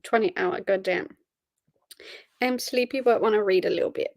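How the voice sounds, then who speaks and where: A woman's voice: medium pitch, normal speed, gravelly, darkish tone, dry recording. A tired young woman, chatting casually on a livestream and answering chat messages. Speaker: livestream host. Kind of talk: casual live-stream chat.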